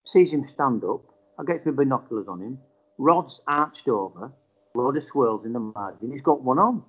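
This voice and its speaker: A man's voice: mid-range voice, normal speed, breathy edge. A man in his fifties from Bradford with a West Yorkshire accent, telling a casual story and acting out the voices, with a bit of swearing. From Bradford, England. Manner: animated, acts out quotes, swears. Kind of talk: casual anecdote. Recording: dull lo-fi sound.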